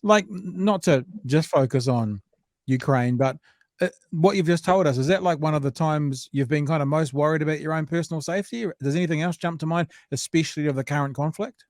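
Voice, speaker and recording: A man's voice: on the high side, brisk, darkish tone, dry recording, studio quality. A man hosting an interview, asking chatty, curious questions. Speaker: radio host. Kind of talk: casual interview.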